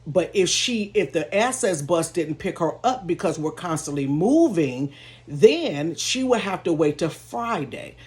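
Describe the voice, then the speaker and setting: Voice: mid-range voice, big pitch swings, measured pace. Casual storytime vlogger from their bedroom, calls the audience y'all, open and emotional. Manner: talks straight to viewers, calling them "y'all"; candid and emotional, with laughs in between. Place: own bedroom.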